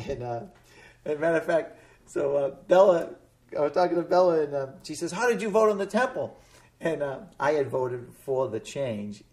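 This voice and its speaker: A man hosting a local cable TV interview in a studio, telling a story slowly with many fillers and restarts. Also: a little high, warm tone. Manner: rambling, hesitant storytelling with fillers. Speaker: cable access TV host. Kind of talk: casual interview chat.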